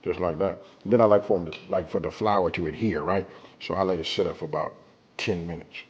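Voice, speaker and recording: A man's voice: deep voice, fairly even intonation, brisk, husky, lo-fi sound. A man hosting a casual cooking demonstration, talking straight to viewers in a laid-back, colloquial way and checking in with them often. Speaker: cooking show host.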